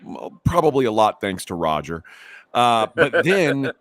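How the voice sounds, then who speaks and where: A man's voice: mid-range voice, very animated, a little slow, fairly bright tone, no room sound. A middle-aged man hosting a podcast, telling a rambling story with many restarts and growing heated. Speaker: podcast host. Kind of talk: casual storytelling.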